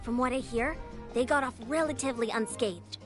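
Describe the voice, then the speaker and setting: A woman's voice: fairly high pitch, a little fast, music in the background, lightly acted. A woman voicing a game character, speaking plainly and matter-of-factly.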